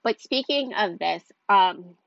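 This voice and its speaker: A woman's voice: mid-range voice, lively intonation, slow, gravelly, no room sound. Young woman, stuffy nose, rambling casual vlog chat, dry close sound, a bit muffled. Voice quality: chatty, rambling with lots of "like" fillers. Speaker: mom vlogger.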